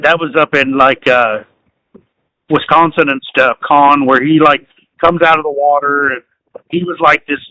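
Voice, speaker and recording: A man from Southwest Missouri with a local accent, co-hosting a casual podcast, agreeable and quick to say yeah, swearing freely. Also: fairly high pitch, bright, forceful tone, dry recording, poor audio. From Southwest Missouri, USA. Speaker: podcast co-host. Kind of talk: casual live podcast chat.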